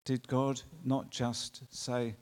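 Male preacher, earnest sermon delivery, mid pitch, long hall reverb. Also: little pitch movement, a little mellow. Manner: earnest, drawn-out emphatic phrasing with rhetorical questions.

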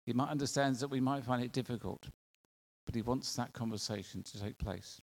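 Man, sermon, conversational, rhetorical questions, gravelly, mid pitch. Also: fairly quick. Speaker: preacher.

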